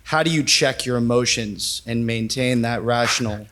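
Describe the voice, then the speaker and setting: A man's voice: mid-range voice, normal speed, a bit bright. A man in the audience who asks questions and searches for his words as he goes. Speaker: audience member asking questions.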